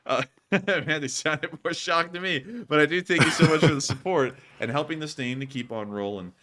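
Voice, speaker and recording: Bright-voiced chatty male livestream host. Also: on the high side, normal speed. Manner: chatty, rambling, repeats thanks, laughs often. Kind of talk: casual livestream chat reading donations.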